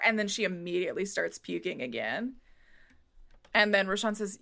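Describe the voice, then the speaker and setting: A woman's voice: mid-range voice, lively intonation, normal speed, creaky, sharp tone. A woman narrating as game master of a tabletop game, casual, with many fillers.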